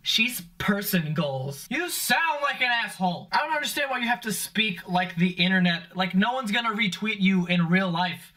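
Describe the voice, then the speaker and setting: A man's voice: high voice, expressive, normal speed, few pauses, sharp tone. A young man hosting a vlog, ranting to camera in a comedic, profane, exasperated way. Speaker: vlog host.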